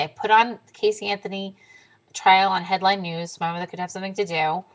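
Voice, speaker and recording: A young woman telling a story in a casual vlog to camera, animated and swearing freely, sometimes dropping to a whisper. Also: medium pitch, a little fast, low-quality recording. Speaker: diet vlogger.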